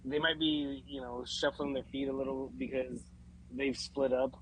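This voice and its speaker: A man co-hosting a wrestling podcast, giving his opinions in a relaxed, slightly hesitant way. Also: mid-range voice, normal speed, slight background noise, rough recording. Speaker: podcast co-host. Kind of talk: casual wrestling chat.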